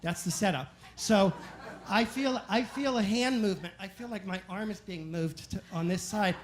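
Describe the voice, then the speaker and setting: A man telling animated, self-mocking stories as a stand-up comedian on a club stage. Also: high-pitched, a little hiss or hum. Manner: animated, self-mocking anecdotes with quick asides. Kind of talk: stand-up storytelling.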